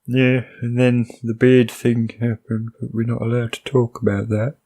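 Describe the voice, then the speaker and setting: A man's voice: medium pitch, level tone, normal speed, warm tone, natural voice. A man voicing a rambling male character who drifts off on pointless tangents.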